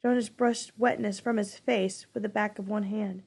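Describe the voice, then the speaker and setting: A woman reading a novel aloud in an even, unhurried storytelling style. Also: medium pitch, husky. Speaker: narrator. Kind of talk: audiobook reading.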